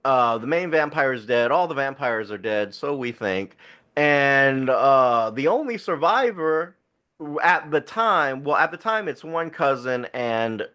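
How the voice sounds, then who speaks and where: A man's voice: mid-range voice, expressive, a little slow, sharp tone. A man co-hosting a podcast, casually retelling a film plot in a rambling way with laughs. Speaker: podcast co-host. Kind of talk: casual film review chat.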